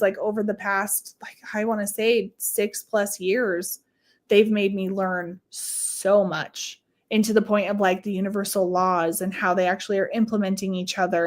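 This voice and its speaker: A woman who is a psychic medium and manifestation coach, speaking as a podcast guest in a candid, profane way and telling her story by quoting her own past thoughts. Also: mid-range voice. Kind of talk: casual storytelling in a chat.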